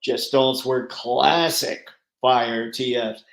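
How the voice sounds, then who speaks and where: A man's voice: fairly high pitch, moderate pace, hardly any pauses, reverberant, rough recording. Chatty man hosting a live stream. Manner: chatty, rambling, laughs easily. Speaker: livestream host. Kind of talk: casual live chat reading viewer comments.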